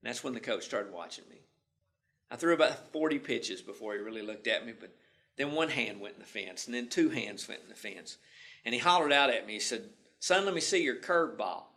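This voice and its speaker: A man's voice: mid-range voice, animated, fairly quick, pushed and bright. A male instructor telling a story in a folksy, homespun way during a lecture.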